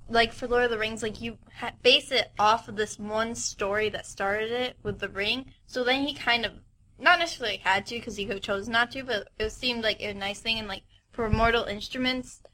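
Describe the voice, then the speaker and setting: A woman's voice: fairly high pitch, steady tone, normal speed, sharp tone, a little hiss or hum. A young woman co-hosting a casual podcast, chatty and full of fillers. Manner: chatty, lots of "like". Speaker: podcast co-host. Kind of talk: casual chat.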